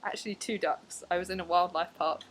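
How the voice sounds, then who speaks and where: A young woman tells stories to her camera from home. Her voice sits a little low, and she keeps the talk loose and chatty, full of fillers and played-out reactions. A faint hiss hangs behind her. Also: steady tone, fairly quick, fairly bright tone, rough recording. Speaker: vlogger. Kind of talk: casual storytelling to camera. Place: at home, indoors.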